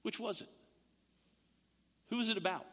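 A man's voice: high voice, normal speed, big-room sound. A male pastor preaching a conversational sermon, acting out little dialogues and asking the congregation questions. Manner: animated, conversational, acts out dialogues.

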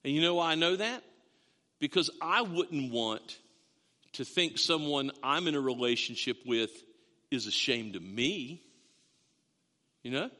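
A man's voice: mid-range voice, lively intonation, unhurried, pauses often, bright, forceful tone. A man in his fifties, a pastor preaching a sermon in a storytelling way, with self-mocking asides. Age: 50s. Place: church sanctuary. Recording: long reverb of a hall.

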